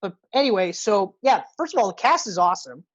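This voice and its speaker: A woman's voice: mid-range voice, big pitch swings, brisk, dry recording, lo-fi sound. A woman co-hosting a podcast, chatting casually and gushing enthusiastically about a movie, swearing freely. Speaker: podcast co-host. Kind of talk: casual movie review chat.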